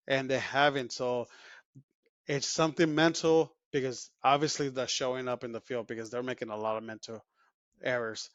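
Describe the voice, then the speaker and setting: A man's voice: mid-range voice, fairly even intonation, normal speed, fairly bright tone, no room sound, lo-fi sound. A man co-hosting a sports podcast, talking casually in a rambling way with many fillers and restarts. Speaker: podcast co-host.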